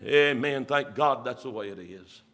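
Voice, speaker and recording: A man preaching a sermon, stretching his words with many "uh" pauses and building to emphatic bursts. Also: medium pitch, fairly bright tone.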